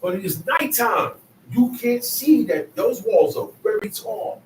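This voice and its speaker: Guy preaching bible lesson, kinda high voice, echoey room, sounds a bit far from the mic, faint noise. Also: animated, slow pace. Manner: emphatic, conversational, repeats phrases. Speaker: bible teacher. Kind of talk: scripture teaching.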